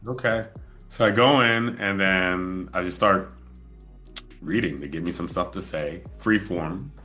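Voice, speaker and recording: A man with a very low voice hosts a casual sit-down interview. His tone is bright and forceful as he tells a loose, relaxed story. He laughs easily along the way. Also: measured pace, faint music behind. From moved to LA as an adult. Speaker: podcast host.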